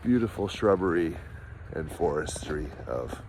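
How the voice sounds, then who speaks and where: A man's voice: low-pitched, lively intonation, measured pace, noisy background. A man doing sarcastic commentary for his vlog while walking outdoors through the woods, mocking in tone with chuckling asides. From Canada. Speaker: vlogger.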